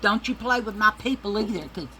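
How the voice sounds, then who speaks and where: A woman's voice: medium pitch, animated, a little fast, noisy background. A woman ranting to camera in a casual vlog, heated, profane and confrontational. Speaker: vlogger.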